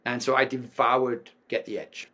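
English man, middle-aged, podcast guest; candid, hesitant delivery full of ums, mid-pitched. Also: flat delivery, unhurried, pushed and bright. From England. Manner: frank, with frequent ums and restarts. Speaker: podcast guest, performance coach. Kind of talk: candid personal storytelling.

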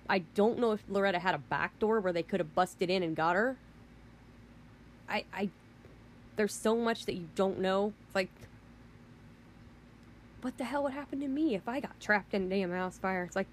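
A woman's voice: mid-range voice, moderate pace, long pauses, slight background noise. A woman hosting a podcast, ranting in an indignant, heated way with mild swearing and frequent restarts. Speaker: podcast host. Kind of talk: casual rant.

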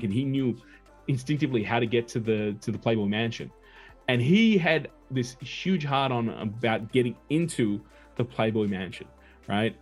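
A man's voice: medium pitch, slightly rough. A man, a podcast guest, telling a long casual anecdote in a chatty, digressive way.

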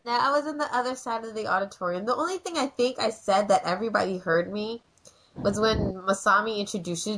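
A woman co-hosting a podcast, chatting casually in an excitable, giggly, rambling way. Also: medium pitch, fairly quick. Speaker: podcast co-host. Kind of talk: casual chat.

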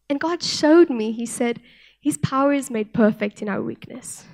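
A young woman from South Africa giving an earnest sermon with personal testimony, speaking softly and often restarting her sentences. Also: high-pitched, moderate pace. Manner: soft-spoken, earnest, with frequent restarts. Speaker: church speaker.

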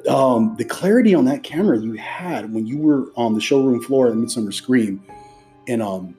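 A man's voice: medium pitch, animated, normal speed, dark tone, faint music behind. A man hosting a podcast in casual, chatty talk, effusive and full of loose restarts. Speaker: podcast host.

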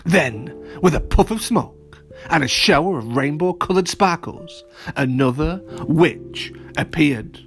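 A man narrating a children's story, animated and playful, speaking straight to young listeners. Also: a little high, slow, soft background music.

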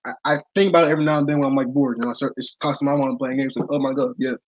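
A young man hosting a casual podcast, telling a story in an excitable, rambling way with frequent laughs. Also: mid-range voice, very fast, poor audio. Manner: excitable, laughs often, rambling with many restarts. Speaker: podcast host.

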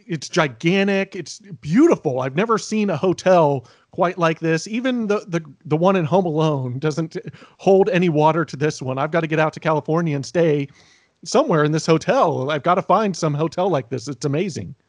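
An animated man chats casually as a podcast co-host and breaks into goofy character voices when he quotes the characters. His voice sits a little high for a man and is recorded close and dry, with no room sound. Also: normal speed, no echo. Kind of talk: casual chat recapping a TV episode.

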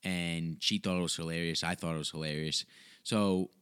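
A man's voice: sits low, steady tone, moderate pace, fairly bright tone, clean tone, no room sound, studio quality. A young man hosting his own podcast, talking casually in a joking, profane, rambling way into a USB microphone. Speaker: podcast host and comedian. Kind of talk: casual solo podcast monologue.

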